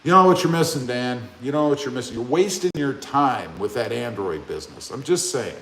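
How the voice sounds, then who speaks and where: A man's voice: mid-range voice, lively intonation, fairly quick, a bit bright, slight background noise. A man from Ohio hosting a casual live stream, reading viewer comments aloud and joking back at them. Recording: echoey room.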